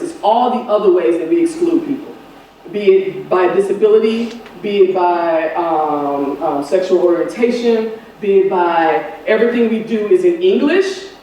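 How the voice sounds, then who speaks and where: A woman's voice: medium pitch, warm tone. A woman conference speaker answering audience questions, impassioned, with frequent restarts and fillers. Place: conference hall. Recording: echoey conference hall from far off with background hiss.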